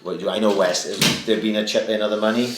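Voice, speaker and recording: A man's voice: on the low side, steady tone, fast talker. A man hosting a podcast in casual chat, laid-back and trailing off between words. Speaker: podcast host. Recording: roomy echo with faint noise.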